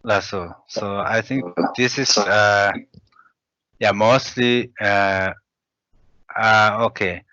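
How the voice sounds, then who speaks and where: A man teaching pronunciation, reading syllables aloud and pausing often with hesitant fillers. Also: lowish voice, fairly even intonation, pushed and bright, dry recording. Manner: hesitant, many pauses and fillers. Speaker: language teacher. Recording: dull, dry lo-fi recording.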